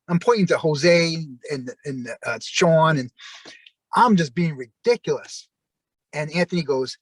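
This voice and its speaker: A man telling long personal stories in a rambling, halting way, full of restarts. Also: fairly high pitch, no echo. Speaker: interview guest. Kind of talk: casual storytelling.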